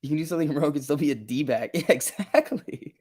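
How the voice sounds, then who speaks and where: A man's voice: fairly high pitch, lively intonation, a little fast, darkish tone. A man hosting a casual stock market livestream, chatting and laughing often as he reads chat and tells stories. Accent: New Jersey.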